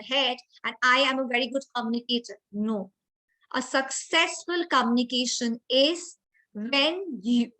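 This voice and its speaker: Bright high-voiced Indian woman trainer. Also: low-quality recording. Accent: Indian English. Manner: clear instructive delivery with deliberate emphasis on key words. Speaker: grooming and communication trainer. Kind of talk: online training session.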